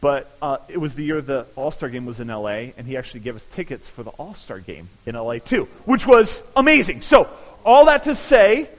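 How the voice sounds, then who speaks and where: A man's voice: medium pitch, sing-song, brisk, few pauses, fairly bright tone. A man from California preaching a sermon, telling a story with animation and building to emphatic peaks. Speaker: pastor. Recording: long hall reverb.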